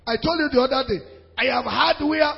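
High-voiced preacher in a hall. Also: male voice, brisk, creaky. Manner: animated preaching with pidgin asides and laughter. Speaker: pastor. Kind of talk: sermon. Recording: dull sound in a reverberant hall.

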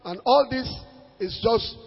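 Male pastor preaching, very high voice, husky, emphatic short phrases, echoey hall, dull lo-fi sound. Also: unhurried. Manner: emphatic, in short broken phrases with repeated refrains. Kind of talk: sermon.

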